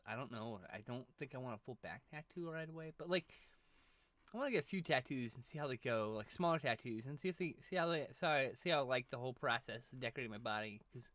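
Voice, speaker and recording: A man's voice: mid-range voice, lively intonation, quick pace, a bit bright, no room sound. A man chatting casually on a live art stream, rambling, restarting sentences and swearing offhand. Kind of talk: casual chat while drawing on stream.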